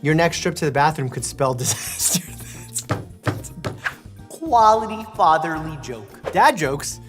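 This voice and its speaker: A man's voice: a little high, very animated, measured pace, over music. Playful laughing male doctor. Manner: playful and jokey, laughs often, slips into brief medical explainers. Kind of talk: casual meme reaction commentary.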